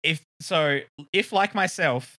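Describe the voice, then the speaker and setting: A young South Australian man with a bright, slightly high voice, chatting casually as a podcast co-host. He rambles from one point to the next, laughs easily and swears offhandedly. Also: takes it slowly. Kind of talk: casual chat.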